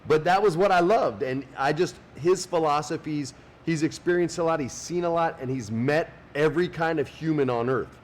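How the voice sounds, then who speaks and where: A man's voice: a little high, normal speed, few pauses. A man co-hosting a podcast, chatting casually and swearing freely. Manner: swears freely, acts out quoted people in animated voices. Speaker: podcast co-host. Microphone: podcast studio mic.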